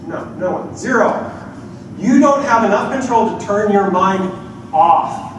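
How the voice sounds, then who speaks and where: A man as a culture change consultant giving a conference workshop talk to a live audience, animated, acting out the voices he quotes. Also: high-pitched, unhurried, slight background noise.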